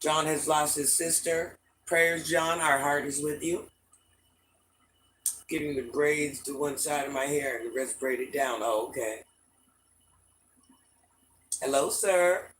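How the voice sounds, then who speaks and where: A middle-aged man hosting a casual livestream, telling stories and answering his chat in a lively, repetitive way. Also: a little high, slow, long pauses, a little hiss or hum, low-quality recording. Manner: repetitive, animated storytelling, often restarts phrases. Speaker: livestream host talking to chat viewers.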